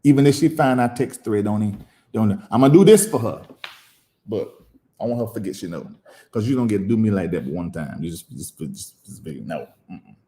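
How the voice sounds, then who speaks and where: A man who is a preacher and show host giving emotional live-stream commentary, emphatic and preachy, repeating phrases and pausing at length. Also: fairly low pitch, animated, warm tone, echoey room.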